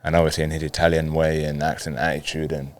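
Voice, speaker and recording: A young man from Colombia, a professional footballer telling his story in a laid-back way, acting out quick bits of dialogue. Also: extremely low pitch, level tone, no room sound. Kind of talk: casual storytelling interview.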